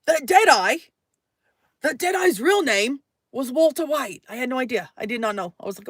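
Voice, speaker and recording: Animated high-voiced woman telling a story. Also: moderate pace, dry recording, clean studio sound. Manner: animated, swearing, acts out quoted voices. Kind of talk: casual storytelling to a live audience.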